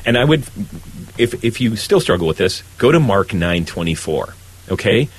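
A man who is a Catholic priest, talking earnestly about faith and trust in God, often pausing and restarting his sentences. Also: fairly low pitch, sing-song, slightly rough, low-quality recording. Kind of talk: faith conversation.

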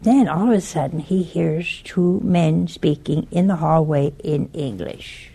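Slow, husky-voiced earnest woman storyteller. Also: deep voice, dark tone. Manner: earnest, urgent, tells a story in plain words. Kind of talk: earnest spoken warning and storytelling.

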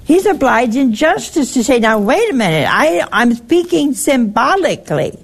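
An older woman hosting a call-in religious talk show, answering a caller slowly and emphatically and quoting scripture. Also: sits high, very animated, breathy edge. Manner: slow, emphatic, quotes scripture.

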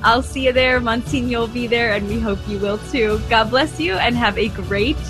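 A woman's voice: on the high side, normal speed, over music. Upbeat woman hosting a radio show. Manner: upbeat, effusive thanks. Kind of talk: casual radio talk. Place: radio studio.

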